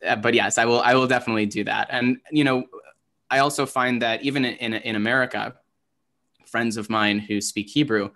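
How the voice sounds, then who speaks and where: A man's voice: on the low side, sharp tone. A man from Michigan with a muted Michigan accent, explaining Hebrew pronunciation in a casual, chatty way with many ums and restarts over a video call. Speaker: Hebrew teacher.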